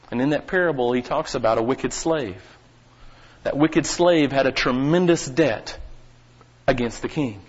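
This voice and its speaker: A man preaching a sermon as pastor, folksy and talking straight to the congregation, his voice swelling at times into near-shouting. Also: medium pitch, highs cut off. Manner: preaching with sudden rises to shouting; folksy, addresses the congregation directly.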